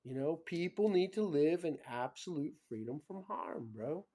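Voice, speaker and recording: A man talking in a rambling casual monologue, full of "you know" and "bro", swinging between low mutters and loud emphatic bursts. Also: lively intonation, normal speed. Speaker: vlogger.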